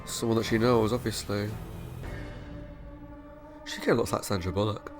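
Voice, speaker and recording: A man's voice: fairly low pitch, steady tone, normal speed, music in the background. A young man, hosting a reaction video in earnest, rambling casual chat and laughing often.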